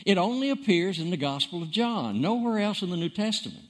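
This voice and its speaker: A man preaching with a high, lively voice that climbs and dips all over. He hammers key words by repeating them and swings from loud bursts to hushed lines. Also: a little fast. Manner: emphatic, repeats words for stress, dramatic swings in loudness. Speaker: pastor. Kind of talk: sermon.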